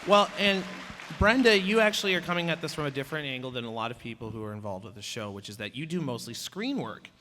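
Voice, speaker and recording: A man moderating a voice actor panel, upbeat and chatty, quick to laugh. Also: mid-range voice, animated, pushed and bright, a little hiss or hum. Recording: reverberant convention hall.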